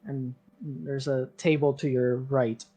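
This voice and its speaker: Slow-talking man running a tabletop game. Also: fairly high pitch, fairly even intonation, darkish tone, soft background music. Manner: slow, loose narration with many fillers and restarts. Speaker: game master.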